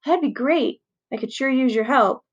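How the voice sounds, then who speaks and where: A woman reading aloud as a playful boy friend, with a slow, teasing delivery. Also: high-pitched, dull audio, pitched above the performer's own voice. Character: young boy, joking best friend on the phone.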